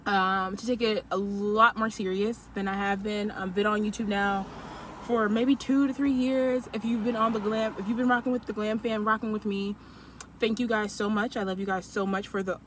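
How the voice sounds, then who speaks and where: A woman's voice: mid-range voice, a bit bright. A woman in her twenties talking to camera from her car about her week, chatty and heartfelt. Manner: chatty and heartfelt, gets emotional and tearful. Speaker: vlogger. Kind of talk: casual vlog talk to camera. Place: parked car with the window down. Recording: car window open to street traffic. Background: passing traffic.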